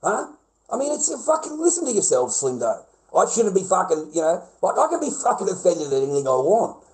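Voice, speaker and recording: An Australian man vents in a raw, profanity-laced monologue, his voice sitting a touch high for a man. He keeps breaking into loud, shrill peaks of indignation before dropping back to a grumble. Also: big pitch swings, fairly quick, rough recording. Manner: angry, profane, swings into loud high-pitched outbursts. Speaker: vlogger.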